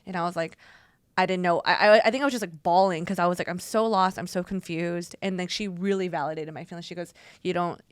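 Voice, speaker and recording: A woman co-hosting a podcast, talking in an emotional, halting way with many restarts. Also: on the low side, clean tone, dry recording, studio quality. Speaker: podcast co-host. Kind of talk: heartfelt casual podcast chat.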